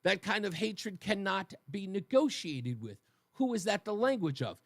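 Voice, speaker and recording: A male radio host delivers a heated monologue in a fairly high voice that swings widely up and down. He talks right at his audience, pressing his points with emphasis. The sound is dry and close, with no room around it. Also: normal speed, no echo. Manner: emphatic, animated, addresses listeners directly. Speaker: radio talk show host.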